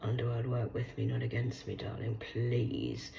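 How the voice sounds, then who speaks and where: A woman in her forties, losing her voice, who rambles, swears and swings between loud bursts and hushed asides as she hosts a solo chat. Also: very deep voice, steady tone, normal speed, gravelly, reverberant, poor audio. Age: 40s. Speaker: host. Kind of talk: rambling solo live chat reading aloud.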